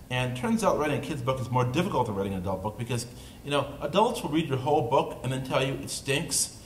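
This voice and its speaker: A man's voice: mid-range voice, animated, quick pace. A man with an upstate New York accent, an author talking casually on a panel to an audience and making self-deprecating jokes. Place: dark indoor event room. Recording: roomy event-room recording, faint noise.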